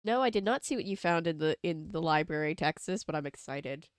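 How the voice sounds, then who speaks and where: A woman's voice: low voice, fairly quick, no room sound, studio quality. Chatty woman hosting a live stream. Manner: chatty, animated, talks to chat. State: stuffy from allergies. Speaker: streamer host. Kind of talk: casual live-stream chat.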